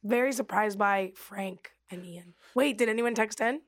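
A woman with a Canadian accent co-hosting a radio show, good-natured and quick to laugh. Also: medium pitch, no room sound. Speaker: radio co-host. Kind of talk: casual radio banter. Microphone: studio microphone.

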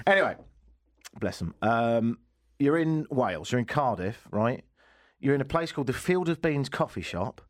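A man hosts a radio talk show with a teasing, jokey way of telling stories. His pitch swoops widely as he jokes. He keeps the banter casual. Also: sing-song, moderate pace.

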